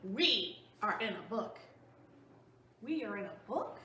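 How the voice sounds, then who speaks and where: A woman voicing a cautious, fretful male elephant from a storybook, talking slowly and puzzling things out. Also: medium pitch, big pitch swings, sharp tone, slight background noise, voice pushed down, heavily acted. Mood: puzzled. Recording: roomy room, voice a bit off-mic.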